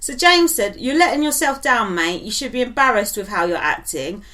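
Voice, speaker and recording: Woman, casual gossip, blunt, lively pitch, fairly high voice. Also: normal speed, a crowd in the background. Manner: blunt, opinionated, laughs often. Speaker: podcast co-host.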